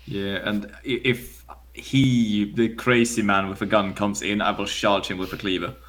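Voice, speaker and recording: Low-voiced man at a tabletop game. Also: level tone, measured pace, a bit bright, slight background noise. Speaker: player. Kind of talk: tabletop role-play.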